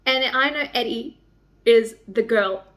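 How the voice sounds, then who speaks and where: A woman's voice: on the high side, unhurried, a bit bright, a little hiss or hum. A young woman talking casually in a book vlog, emotional and rambling, swearing a lot. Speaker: book vlogger.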